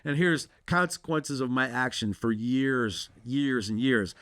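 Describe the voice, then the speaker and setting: A man's voice: mid-range voice, a little slow, a bit bright. A middle-aged man telling a story in casual talk, swearing freely and acting out both sides of the conversations. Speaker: podcast guest.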